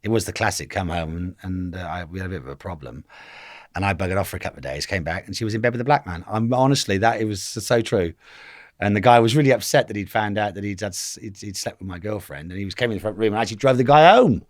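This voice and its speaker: A man's voice: fairly low pitch, expressive, fast talker, no room sound, clean studio sound. A man in his fifties from England, telling stories as a guest in a casual interview, rambling and acting out the voices of the people he quotes. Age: 50s.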